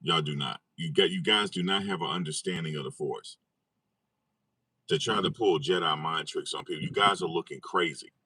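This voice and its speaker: A man with a deep voice talks straight to his audience in a casual commentary vlog. His voice is husky and dry, with no room sound around it, and he keeps repeating his own phrases in disbelief. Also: normal speed, bright, forceful tone, no echo. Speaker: online commentator.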